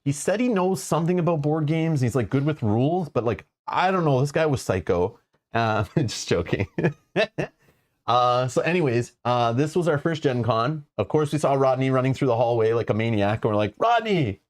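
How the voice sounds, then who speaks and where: A man's voice: medium pitch, animated, normal speed. Rambling man hosting a chat. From Canada. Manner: rambling storyteller with many fillers, joking. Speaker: show host. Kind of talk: casual live-stream chat.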